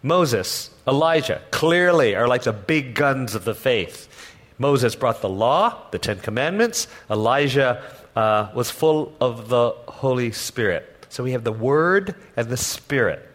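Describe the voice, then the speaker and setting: A man preaching a sermon as pastor, telling the story in a lively way and acting out the people in it with humor. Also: medium pitch, a little slow. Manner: animated storytelling, acts out voices with humor.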